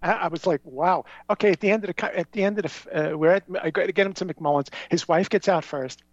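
A man with a high-pitched voice talks fast as a show guest, spinning rambling stories that leap from one tangent to another. He comes across as an animated, conspiratorial storyteller, and the dull lo-fi recording has no echo.

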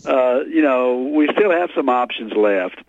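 A man of middle pitch talking on radio, stumbling over his words before he lands a point. The sound is dry and a bit dull. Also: lively intonation, measured pace, no room sound. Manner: hesitant, stammering restarts. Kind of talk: talk radio conversation.

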